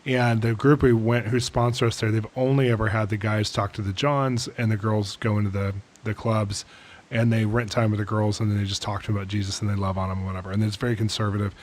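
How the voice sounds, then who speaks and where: Male guest, lowish voice, relaxed, quick to joke. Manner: quick reactions and laughter, joking. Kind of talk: casual ministry chat.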